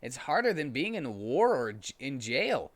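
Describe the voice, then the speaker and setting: Sad gentle mom, voiced by a man: slow, earnest, slightly raised voice. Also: a little high, sing-song. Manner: slow, earnest, mock-solemn. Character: grieving gentle mother of a hedgehog. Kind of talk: comedic dramatic reading.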